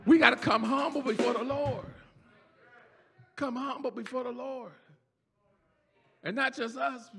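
A pastor preaching a sermon in a church, shouting and half-singing his peaks, then dropping low for quiet asides. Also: steady tone, measured pace, creaky, long pauses. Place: church sanctuary. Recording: church hall reverb with faint organ music.

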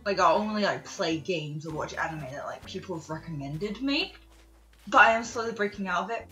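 Lively, bright-voiced young woman rambling. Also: on the low side, brisk, soft background music. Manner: excitable, lots of fillers and laughs. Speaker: gaming streamer. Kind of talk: rambling casual chat.

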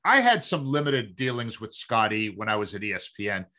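Measured bright-voiced man on sports talk. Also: sing-song. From Massachusetts. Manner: measured, explaining, lower when reflective. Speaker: producer and co-host.

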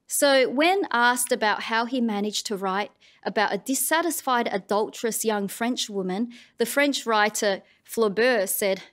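A woman's voice: fairly high pitch, a little slow, a bit bright. A woman with an Australian accent, giving an annual address on writing in a wry, conversational and pointed way. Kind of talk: public address.

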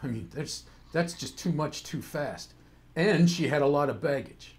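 A man's voice: on the high side, lively intonation, measured pace. A man playing a weary, cynical older senator and father, grumbling with sardonic exasperation in a stage play. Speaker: actor in a play.

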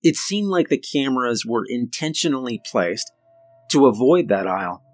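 A man's voice: mid-range voice, animated, no room sound, faint music behind. Suspenseful male horror story narrator. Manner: measured, suspenseful storytelling with dramatic pauses.

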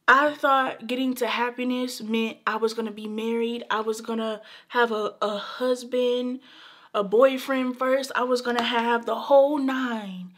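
A woman's voice: a little high, steady tone, measured pace, fairly bright tone. A young woman talking earnestly to camera in a vlog, emphatic and repetitive, calling her viewers baby and y'all. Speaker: beauty vlogger. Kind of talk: casual heartfelt talk to camera.

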